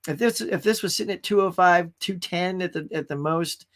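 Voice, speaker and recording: A man's voice: high voice, a little fast, a bit bright. A man hosting a casual pop culture live stream, rambling enthusiastically about movies and greeting viewers in the chat.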